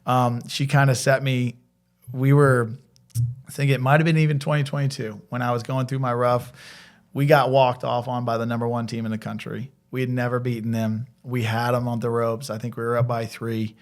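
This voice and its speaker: An American man, a former softball coach now running a college athletic program, talks through his career in a relaxed interview. He tells stories with energy and acts out the dialogue. His voice sits in an ordinary middle pitch. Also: moderate pace. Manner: animated storyteller, acts out quoted dialogue. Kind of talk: casual interview storytelling.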